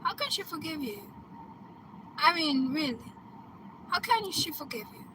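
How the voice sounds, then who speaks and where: A woman coach casually retelling a film plot in an excitable, chatty way, laughing and breaking into loud exclamations. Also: high-pitched, a little slow, background noise. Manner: chatty, checks in with "right?" and "okay?".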